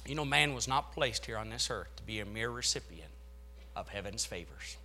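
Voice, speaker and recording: Animated, forceful preaching man. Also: lowish voice, moderate pace, a little hiss or hum. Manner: preaching with dramatic swells in loudness, reading scripture aloud. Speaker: pastor. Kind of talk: sermon.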